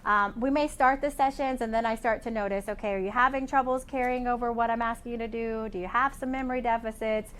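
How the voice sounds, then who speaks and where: A woman's voice: on the high side, fairly even intonation, quick pace, hardly any pauses, a bit bright, clear, resonant tone. A woman physical therapist explaining patient care in a conversational way, with many fillers.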